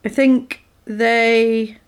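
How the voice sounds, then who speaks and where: A woman chatting casually, retelling a film's plot and acting out the characters' lines in quick voices. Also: a little high, little pitch movement, smooth.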